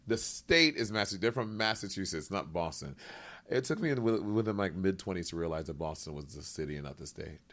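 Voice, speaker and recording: A man from New York City, a podcast guest in casual chat, telling stories in an animated, self-mocking way. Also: sits low, quick pace, hardly any pauses.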